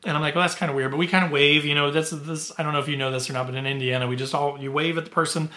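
A man's voice: a little high, fairly even intonation, racing, pushed and bright. A middle-aged man hosting his podcast, telling stories casually with lots of fillers and easy laughs. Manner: chatty, filler-heavy, laughs easily. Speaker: podcast host. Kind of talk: casual storytelling.

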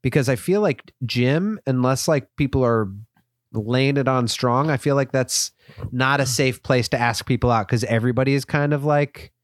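A man's voice: medium pitch, moderate pace, dry recording, studio quality. A young man co-hosting a comedy podcast, rambling and self-deprecating, often laughing. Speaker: podcast co-host. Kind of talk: casual comedic chat.

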